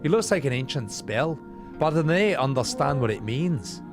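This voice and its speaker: A man's voice: medium pitch, animated, moderate pace, natural voice. A man voicing a grumpy, sarcastic young male diver in a raised, incredulous voice, game music behind him.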